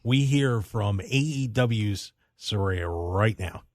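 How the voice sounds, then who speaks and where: A man's voice: on the low side, animated, takes it slowly, dry recording, clean studio sound. A man hosting a radio show, talking in an upbeat, joking way. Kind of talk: casual radio talk. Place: radio studio.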